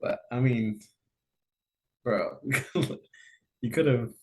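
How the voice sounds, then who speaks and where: An easygoing man co-hosting a casual podcast. He chuckles often and talks loosely in a mid-pitched voice, close to the mic. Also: drawn-out words, a little mellow, a little hiss or hum. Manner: easygoing, chuckling, says "bro" a lot. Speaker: podcast co-host. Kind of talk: casual chat.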